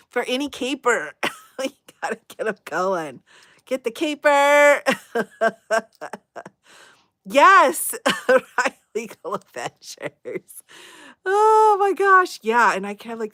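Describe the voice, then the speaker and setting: A woman chats casually on her livestream, laughing constantly and reacting to the chat. Her voice swoops up and down with lively, animated pitch. The sound is close and dry. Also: dry recording. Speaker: livestream host.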